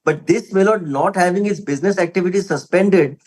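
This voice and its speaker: Here a man with an Indian English accent, representing a respondent, delivers formal courtroom argument in a high-sitting, darkish voice at a slightly quick pace. He is deferential and emphatic, sprinkling "my lord" throughout as he addresses the bench. It's a rough recording.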